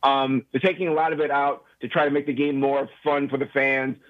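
Fast-talking ex-player on a muffled line. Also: male voice, mid-range voice, little pitch movement. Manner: halting, repeats words, then fast storytelling. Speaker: former football player, radio guest. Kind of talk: phone-in sports interview.

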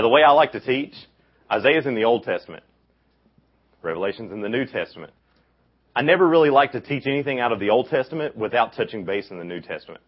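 A young man with a deep voice gives a casual youth camp sermon, telling stories and acting out the quotes with lively energy. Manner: animated storytelling, acts out quotes. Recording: dull lo-fi recording.

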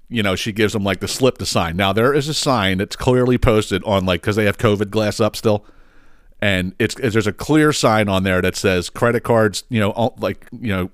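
A man tells a story in a fired-up, swear-filled rant with a fairly low voice. The sound is dry and close, with no room echo. Now and then he jumps way up in pitch to mimic the people he's mocking. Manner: profane, exasperated, acts out others in raised voices. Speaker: podcast host.

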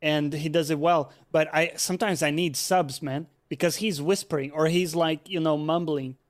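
Guest, male, slightly high voice, hesitant and thoughtful, casual chat. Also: fairly even intonation. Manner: halting, thoughtful, many fillers.

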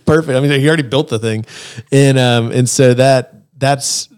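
A man's voice: mid-range voice, clean tone, no echo. Guy podcast host telling a bible story, jumps into little character voices, pretty dry close sound. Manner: animated, acts out characters' lines in quick voices. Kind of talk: casual chat retelling a Bible story.

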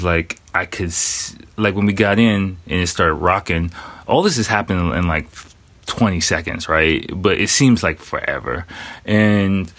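A man's voice: low voice, fairly bright tone. A man telling a personal story in a loose, casual way, full of fillers and swearing. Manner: rambling, profane, many fillers.

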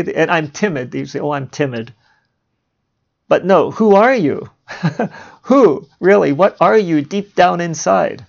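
Guy with a gravelly voice rambling thoughtfully about big questions, dull lo-fi recording. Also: fairly high pitch. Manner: musing, chuckles at his own asides. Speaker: podcast host. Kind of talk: casual philosophical monologue.

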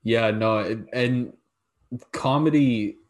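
A man's voice: mid-range voice, takes it slowly. A man hosting a podcast, chatting agreeably in a casual conversation. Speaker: podcast host.

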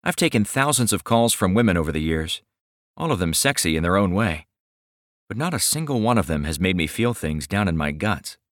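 A man with a low voice reads a novel aloud in first person, wry and confiding, as if letting you into his thoughts. The recording is close and dry, with no room around it. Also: very animated, brisk, dry recording. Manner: wry, confiding inner monologue. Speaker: audiobook narrator. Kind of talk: first-person audiobook narration.

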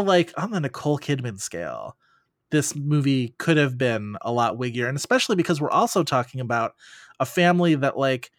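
A man of middle pitch talks as a podcast guest, riffing in long, animated run-on thoughts full of "like"s. His voice sounds dry and close, with no room around it. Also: no room sound. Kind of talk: casual podcast chat.

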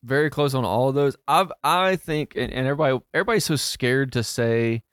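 A man co-hosting a casual podcast chat, quick with asides and laughing often. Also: mid-range voice, a bit bright, clean tone, no room sound, clean studio sound. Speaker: podcast co-host.

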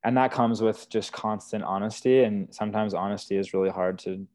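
A young man's casual, sincere podcast storytelling covers his work as a wilderness therapy guide, thick with "like" and "you know." He speaks a little fast in a lowish, darkish voice with a steady tone, and the recording has no echo.

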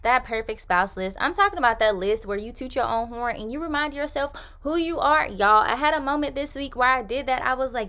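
A woman's voice: sits high, brisk, few pauses, bright, forceful tone. A young woman hosting a faith-based podcast, talking in a chatty, upbeat way with casual slang. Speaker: podcast host.

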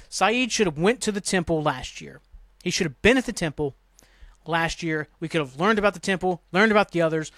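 A man's voice: high voice, a bit bright, no room sound. A man hosting a podcast, casually recapping a TV episode in a rambling, profane, exasperated way. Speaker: podcast host.

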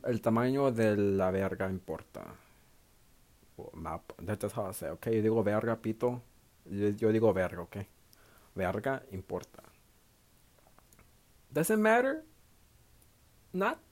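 Profane rambling young man. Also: medium pitch. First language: Spanish. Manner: profane, rambling, self-mocking, laughs a lot. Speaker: podcast host. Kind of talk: casual solo podcast monologue.

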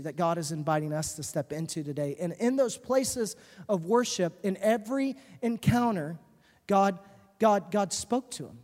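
A woman's voice: mid-range voice, darkish tone. A woman pastor preaching a sermon in a large church hall, earnest and emphatic, repeating her key phrases. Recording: reverberant hall.

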